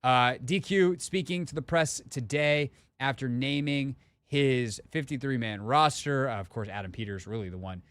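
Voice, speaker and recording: A man's voice: mid-range voice, normal speed, fairly bright tone, smooth, no echo. A man hosting a live sports radio show, talking casually with lots of fillers and restarts in a studio. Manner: conversational, rambling with fillers and restarts.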